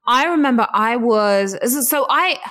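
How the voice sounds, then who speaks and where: A woman talking in a relaxed, reflective way in a casual chat, with drawn-out asides. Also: on the high side.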